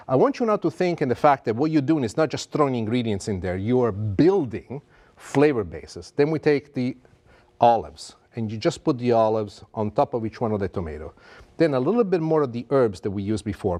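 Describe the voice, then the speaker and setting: A man's voice: mid-range voice, darkish tone. A middle-aged man hosting a cooking show, talking the viewer through a dish in a theatrical, self-amused way and drawing out his words. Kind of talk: cooking demonstration to camera.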